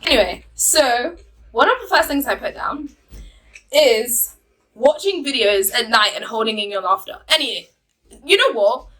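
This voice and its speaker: A woman's voice: a little high, animated, moderate pace, bright, forceful tone, rough recording. A young woman vlogging, telling rambling stories to camera with lots of fillers and giggles. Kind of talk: casual storytelling to camera.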